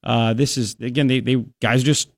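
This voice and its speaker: A man's voice: medium pitch, steady tone, moderate pace, no room sound, studio quality. A man hosting a talk show, casually and sarcastically commenting on clips he plays, laughing often.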